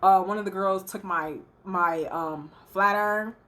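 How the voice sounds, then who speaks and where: A woman's voice: medium pitch, steady tone, a little slow, bright, forceful tone. Chatty woman telling a storytime. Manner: chatty, emotional retelling with many fillers. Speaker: salon owner and hairstylist. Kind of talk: casual storytime vlog.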